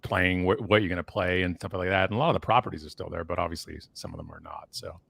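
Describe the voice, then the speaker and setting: A man in his forties on a video call, telling stories in a casual, animated way that often slides into a rant. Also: sits low, fast talker, vocal fry. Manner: animated ranting storyteller. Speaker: guest. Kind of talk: casual chat on a live stream.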